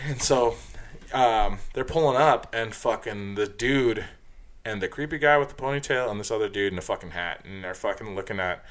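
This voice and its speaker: Low-voiced man swearing through a story. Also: moderate pace. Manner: profane, rambling, heated retelling with many fillers. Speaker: nightlife worker telling a story. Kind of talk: casual podcast storytelling.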